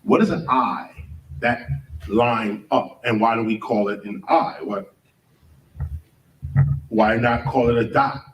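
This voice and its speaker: His voice sits at a medium pitch with fairly even intonation, and he talks slowly with frequent pauses. Lecturing to an audience, he fires questions and spells words out letter by letter, heard distantly in a large room.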